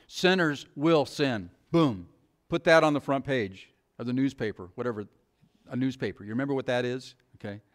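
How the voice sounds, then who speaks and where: A middle-aged male pastor with a mid-range voice preaches a sermon, putting rhetorical questions to the congregation in a conversational way.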